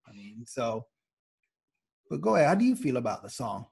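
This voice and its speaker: A man's voice: mid-range voice, big pitch swings, moderate pace, vocal fry, darkish tone, breathy edge. A man hosting a podcast in laid-back casual chat, filling his talk with "like" and "you know" and laughing often. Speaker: podcast host.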